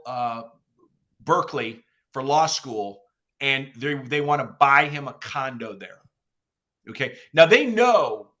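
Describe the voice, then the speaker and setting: A middle-aged man, a real estate guest expert, coaching in an energetic conversational way and acting out phone calls as he tells stories. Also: mid-range voice.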